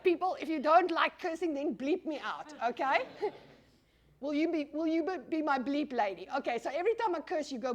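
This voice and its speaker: High-voiced, animated woman lecturer. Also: normal speed. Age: middle-aged. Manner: animated, swears casually, asks the audience questions. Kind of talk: lively classroom lecture.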